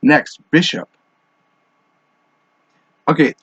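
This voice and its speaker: A slightly high-voiced man rambles offhand through a casual solo monologue, stumbling into restarts and fillers. He is smoking as he talks. The recording is dull and lo-fi, with a dry, close sound. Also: extremely slow, fairly bright tone, breathy edge, no echo. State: smoking while talking. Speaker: podcast host. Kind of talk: casual monologue on fan casting. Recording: dull, dry lo-fi home mic.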